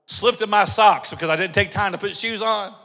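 A high-voiced male pastor with a gravelly, bright edge preaches in a sermon, telling stories and acting out voices before rising into shouts. His voice rings with long reverb in a large church sanctuary. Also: brisk. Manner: animated storytelling, acts out dialogue, builds to shouting.

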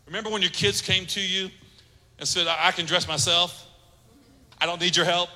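A man's voice: high-pitched, fairly even intonation, moderate pace, sharp tone. A man preaching a sermon as pastor, emphatic, repeating phrases and acting out little quotes. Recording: long hall reverb.

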